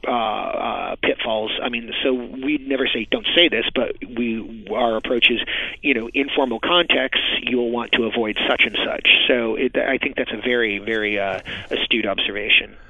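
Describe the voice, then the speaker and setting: A man's voice: mid-range voice, moderate pace, vocal fry, no room sound. Guy talking words on a radio show, lots of uhs and restarts, tinny phone line, dry sound. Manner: hesitant, many fillers and restarts. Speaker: dictionary editor guest. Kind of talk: radio interview.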